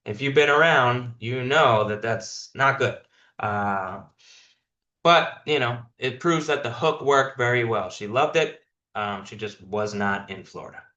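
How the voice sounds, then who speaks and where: A sales manager, a man with a bright, pushing voice, walks his callers through a phone pitch and drives his points home by repeating them. His call audio sounds roomy and a bit dull, as if picked up from across a room. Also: a little slow. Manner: direct, coaching, repeats points for emphasis. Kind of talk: coaching a sales team on a video call. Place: online team meeting.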